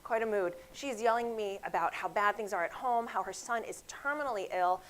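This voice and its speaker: A woman's voice: mid-range voice, brisk, a little hiss or hum, poor audio. A woman physician giving a grand rounds lecture, telling clinic stories and speaking straight to her audience. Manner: lively storytelling, acts out quoted voices; addresses audience directly.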